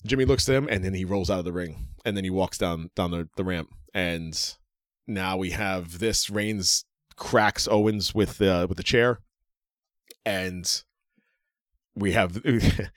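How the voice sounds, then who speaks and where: A man co-hosting a casual podcast, excitedly recapping a wrestling match in a rambling way with many restarts. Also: sits low, a little slow, no room sound, studio quality. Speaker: podcast co-host.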